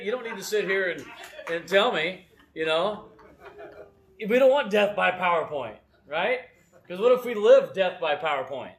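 Delivering a relaxed sermon full of personal stories, a middle-aged man speaks from the front of a church in a high, expressive, somewhat bright voice at a moderate pace. He pokes fun at himself and often asks "right?"

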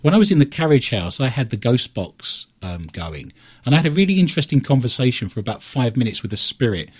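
A man with an East London Cockney accent, co-hosting casual radio talk and telling his stories in a measured way with asides. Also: mid-range voice, sing-song, breathy edge. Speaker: paranormal investigator co-host.

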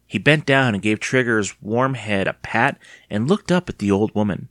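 A man narrating an audiobook in an expressive, dramatic storytelling manner. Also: on the low side, moderate pace, hardly any pauses, dry recording, studio quality. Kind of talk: audiobook reading.

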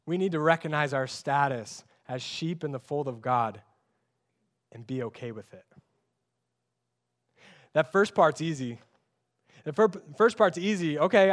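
A young male pastor with a high voice delivers a sermon in a conversational, emphatic way. He leans on rhetorical questions and keeps the tone informal. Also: fairly bright tone.

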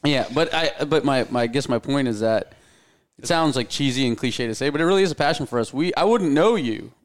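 A man's voice: medium pitch, lively intonation, a little fast. A man, a guest on a podcast, chatting casually and rambling with restarts. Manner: rambling, restarts, laughs often. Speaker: podcast guest, gym co-owner. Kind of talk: casual chat.

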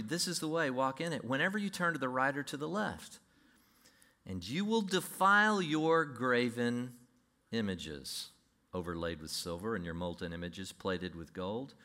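A man preaching a sermon, animated, acting out imagined voices and quoting scripture. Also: medium pitch. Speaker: pastor.

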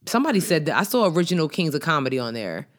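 A woman with a notably low voice, chatting casually with a friend. She argues her points playfully and emphatically, full of energy. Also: racing. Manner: emphatic, animated, playful debating. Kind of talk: casual chat.

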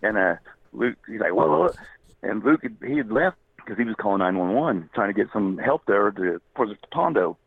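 A man's voice: fairly low pitch, expressive, creaky, slightly rough, dry recording. A man telling a long story as a guest, rambling and often laughing. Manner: rambling, laughing, quick quoted voices. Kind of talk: casual storytelling. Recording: tinny phone line.

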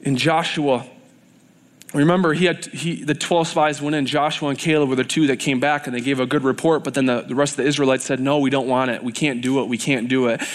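A man's voice: medium pitch, fairly even intonation, fairly quick. A man preaching a sermon in a church, earnest and repetitive, building in intensity.

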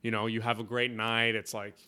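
A man's voice: fairly low pitch, level tone, fairly quick, sharp tone. A man co-hosting a casual music chat, talking in a loose, rambling way with many fillers. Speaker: podcast co-host.

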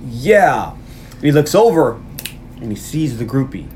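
A man's voice: medium pitch, very animated, mellow, a little hiss or hum. Man casually recapping a movie. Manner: loose, joking recap with quick acted quotes. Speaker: podcast host recapping a film. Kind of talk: casual chat.

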